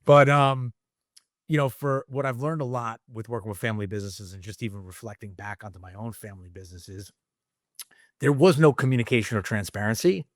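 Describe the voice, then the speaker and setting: A man's voice: fairly low pitch, brisk, no room sound, clean studio sound. A middle-aged man talking candidly as a podcast guest, casual and rambling, swearing freely. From United States. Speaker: guest entrepreneur.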